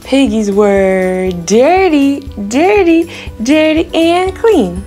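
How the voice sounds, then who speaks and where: A woman's voice: sits high, big pitch swings, drawn-out words, dark tone, faint music behind. A woman hosting a children's learning show, teaching toddlers in a cheerful, repetitive sing-song way during toy play.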